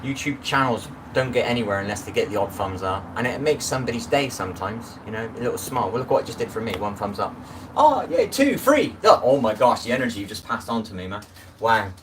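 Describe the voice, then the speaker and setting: A middle-aged man chats loosely on a live stream, drifting between asides and greeting viewers by name. He sounds set back from the phone mic, with clear background noise around him. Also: lowish voice, fast, distant mic. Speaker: livestream host. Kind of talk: casual live-stream chat.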